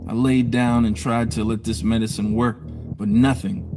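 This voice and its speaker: A man's voice: lowish voice, fairly even intonation, normal speed, over music. A man telling his own story on a live stream in a candid, emotional way, blunt and profane at times.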